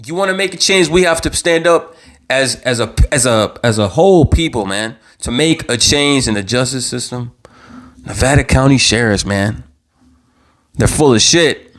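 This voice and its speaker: A man's voice: mid-range voice, animated, moderate pace, fairly bright tone. A man hosting his own live talk show, worked up and passionate, repeating words and swearing as he speaks. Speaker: show host. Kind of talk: impassioned live commentary. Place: own channel livestream.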